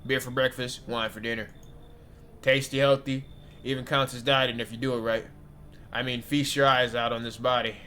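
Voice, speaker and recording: A man doing a loud tipsy joker. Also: medium pitch, little pitch movement, normal speed, close to an everyday voice. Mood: brash. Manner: loud brash joking banter. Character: boisterous tipsy man visitor, joking and pushy.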